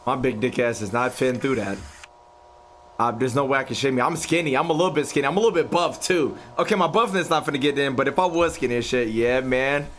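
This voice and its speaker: A man's voice: medium pitch, fast talker, a bit bright, a little hiss or hum. A young man streaming a live reaction. He talks to his chat with plenty of profanity and yelps when something startles him.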